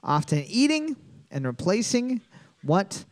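A woman runs a casual trivia night, reading every question twice. Her voice is lively and bouncy, and she throws crude, teasing jokes at her co-host. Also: mid-range voice, takes it slowly.

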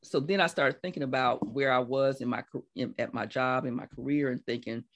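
A woman in her sixties, a life coach being interviewed, telling her story in a lively way and acting out what people said. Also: brisk. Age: 60s. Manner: animated storyteller, acts out quotes with big laughing pitch jumps. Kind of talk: conversational interview.

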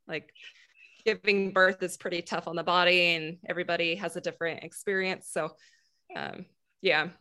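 A woman talking as a guest in a casual chat, candid and quick to laugh. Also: fairly low pitch, sharp tone. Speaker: podcast guest.

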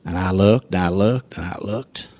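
A man telling a personal faith testimony in a folksy, animated storytelling manner. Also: sits low, normal speed. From rural farming background. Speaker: guest sharing testimony.

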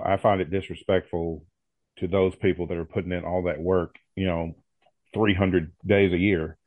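A man co-hosting a podcast in casual chat, quickly backing up his guest and agreeing with him. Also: low-pitched, no room sound, phone-quality sound. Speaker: podcast co-host.

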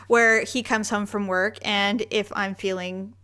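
A woman's voice: mid-range voice, fairly even intonation, slow, background noise. Woman co-host, casual chat, teasing and playful, a bit stuffy. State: stuffy from allergies. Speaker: podcast co-host.

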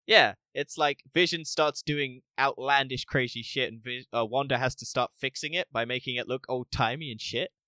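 A man co-hosting a casual podcast review, animated, acting out scenes and laughing often. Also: mid-range voice, normal speed, hardly any pauses, no echo. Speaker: podcast co-host. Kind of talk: casual spoiler review chat.

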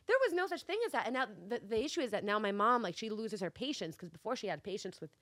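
Brief: quick-talking woman co-host from New York, animated, slightly high, dry sound. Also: no room sound. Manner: animated storyteller. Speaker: podcast co-host. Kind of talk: casual chat.

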